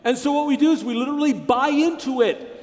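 High-voiced preacher in a hall. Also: male voice, fast talker, darkish tone. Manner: emphatic, repeats key phrases, acts out quotes. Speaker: pastor. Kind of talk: sermon. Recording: reverberant hall.

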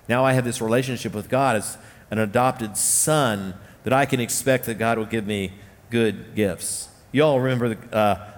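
A male pastor delivers a sermon in an earnest, searching way, circling back to repeat his key lines. His voice sits at an ordinary middle pitch. A long hall reverb trails after each phrase.

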